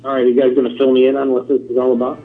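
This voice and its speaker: A man's voice: medium pitch, racing. A man chatting casually with friends, rambling with lots of "like" and "uh". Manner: relaxed, filler-heavy rambling. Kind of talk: casual chat. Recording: tinny phone-like line.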